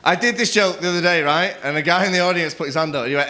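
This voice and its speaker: A young man doing a crude, cheeky stand-up set on a comedy club stage, acting out other people in quick quoted voices. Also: fairly high pitch, bright, forceful tone. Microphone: stage microphone.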